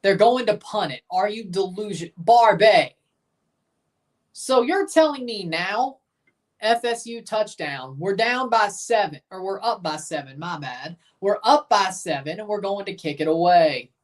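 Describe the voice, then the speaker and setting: A woman hosting a live game watchalong, giving chatty, blunt reaction commentary and bursting into excited cheers. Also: medium pitch, moderate pace, distant mic. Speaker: livestream watchalong host.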